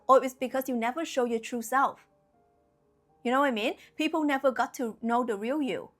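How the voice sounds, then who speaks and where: Blunt, emphatic woman over soft music. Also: high voice, brisk. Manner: blunt, emphatic, conversational with many fillers. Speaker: spiritual YouTuber. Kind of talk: casual direct-to-camera talk.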